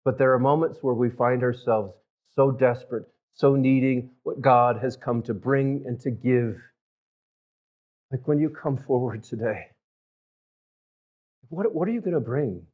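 Male preacher, mid-pitched, storytelling sermon with big loud-to-hushed swings. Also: measured pace, long pauses, narrow, tinny audio. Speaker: pastor.

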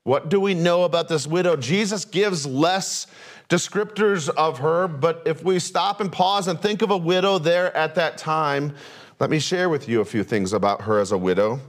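Man preaching a lively sermon. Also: a little slow. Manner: preaches with rhetorical questions, pace and pitch swinging. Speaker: pastor.

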